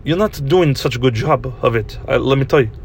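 A man voicing a blunt, mean Russian boom operator, speaking in a put-on Russian accent with deadpan, broken English. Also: brisk, vocal fry, husky.

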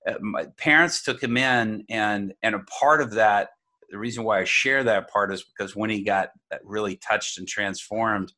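A man's voice: lowish voice, normal speed, pushed and bright. A man telling a personal faith story in casual conversation, rambling with many fillers and restarts. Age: adult.

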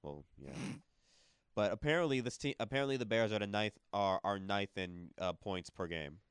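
A man's voice: on the low side, lively intonation, moderate pace, clean tone, no room sound. A man in a casual sports debate, asking long winding questions and defending his team. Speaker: sports talk co-host.

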